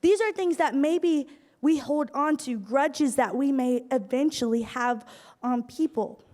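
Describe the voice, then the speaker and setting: High-voiced young woman in a hall. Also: a little slow. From Iowa. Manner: animated storytelling with acted asides. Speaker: youth speaker. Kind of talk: youth group talk. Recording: hall reverb from a live room.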